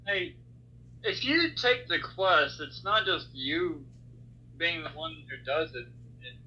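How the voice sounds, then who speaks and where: A man running a tabletop game who explains rulings in a matter-of-fact way. His voice is very bright, and it comes through a dull mic with a faint hum underneath. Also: a little high, big pitch swings, slow. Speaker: game master.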